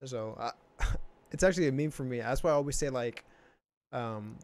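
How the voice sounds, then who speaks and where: Young texan guy hosting a podcast, rambles with fillers, mid-pitched voice. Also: normal speed, darkish tone. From Texas. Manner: rambling, many fillers and restarts. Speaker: podcast host. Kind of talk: casual chat.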